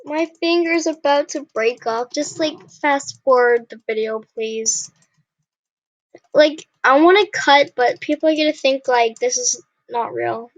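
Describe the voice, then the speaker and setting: A woman's voice: high voice, measured pace, dry recording. A young woman casually commenting on her gameplay, often frustrated and apologizing to her viewers. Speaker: gaming channel host. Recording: dull lo-fi sound.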